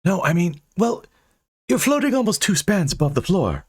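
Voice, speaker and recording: Man doing a raised, husky young storybook hero who is awkward and unsure. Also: sits high, big pitch swings, normal speed, a little mellow, pitched above the performer's own voice, full character voice. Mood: flustered. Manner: hesitant, awkward.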